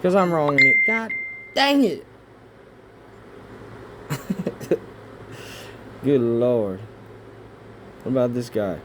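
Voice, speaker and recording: A man rambling through pictures in casual commentary, swearing often and breaking into excitable outbursts between rambling asides. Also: mid-range voice, takes it slowly, pauses often, background noise. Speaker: video creator. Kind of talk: casual conspiracy commentary over images.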